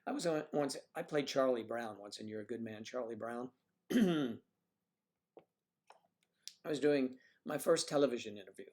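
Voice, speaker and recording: A man's voice: mid-range voice, moderate pace, long pauses, a little mellow. A man hosting a casual livestream, chatting and telling rambling stories. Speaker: livestream host.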